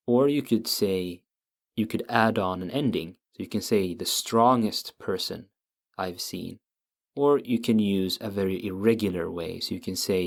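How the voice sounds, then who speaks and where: A man with a fairly low voice teaches a language lesson at an unhurried pace. He explains patiently and repeats every example word slowly so learners can follow.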